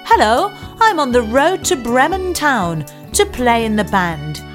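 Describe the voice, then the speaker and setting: A woman doing an eager, high cheerful dog. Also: sing-song, measured pace, faint music behind. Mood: friendly.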